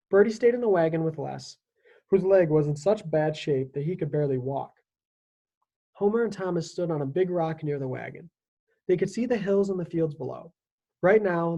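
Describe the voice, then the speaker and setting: A teacher with a medium-pitched voice reads a children's historical novel aloud, telling the story in a lively, expressive way.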